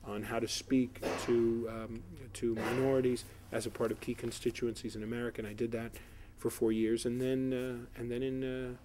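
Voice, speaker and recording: A man's voice: mid-range voice, little pitch movement, normal speed, hardly any pauses, warm tone, slight background noise. A middle-aged man from South Florida, a political candidate answering questions in an editorial board interview, rambling with many fillers and restarts.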